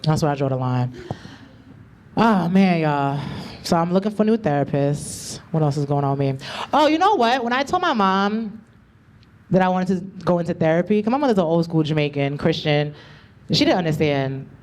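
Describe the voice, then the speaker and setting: A woman's voice: on the low side, expressive, moderate pace, slight background noise. A woman doing a stand-up comedy set with a loose, slangy, conversational delivery. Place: comedy club stage.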